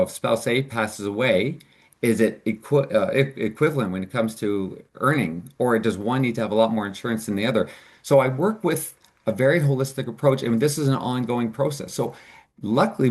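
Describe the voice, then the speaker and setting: A man's voice: fairly low pitch, slightly rough. A man presenting as a financial advisor in a webinar, explaining options in an earnest, upbeat way.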